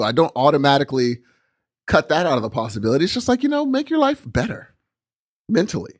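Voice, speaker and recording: A podcast co-host chats casually on a remote call recording, animatedly telling stories and acting out his own thoughts as quoted asides. His voice is on the high side and fast, with clean studio sound and no room sound.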